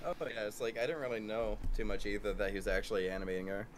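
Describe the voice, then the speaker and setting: A man's voice: fairly low pitch, steady tone, fast talker. A young man, a student guest on a casual live-stream chat, talking in a cheerful, chatty way. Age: young adult. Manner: cheerful, chatty, mimics voices in stories.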